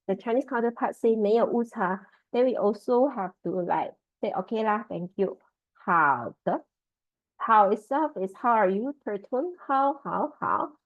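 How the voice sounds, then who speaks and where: A woman's voice: mid-range voice, no room sound. A woman leads an online Mandarin lesson, saying each syllable several times to drill its tone. The call audio is dry and close, with a slightly dull, muffled top end. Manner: drills tones by repeating syllables. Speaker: Mandarin trainer. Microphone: video call.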